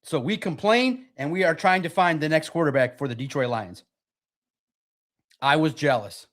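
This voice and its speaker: A man hosting a casual sports talk livestream, excitable and rambling, with a slightly raspy voice. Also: fairly high pitch, moderate pace. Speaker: podcast host.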